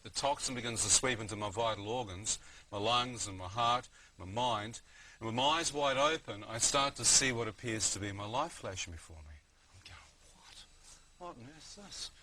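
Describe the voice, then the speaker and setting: A man's voice: mid-range voice, a little fast, sharp tone, a little hiss or hum, poor audio. A man telling a personal story in a guest interview, vivid and often asking "you know what I mean". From New Zealand. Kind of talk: testimony storytelling.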